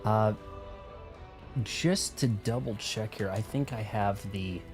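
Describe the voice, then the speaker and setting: A young man streams a video game live, his fairly low voice slow-paced against background music. He chats with viewers casually, drifting from topic to topic and mocking himself.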